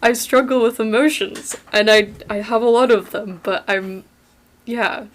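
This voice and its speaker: A woman's voice: on the high side, fairly even intonation, unhurried. Giggly, open young woman. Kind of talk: casual group discussion.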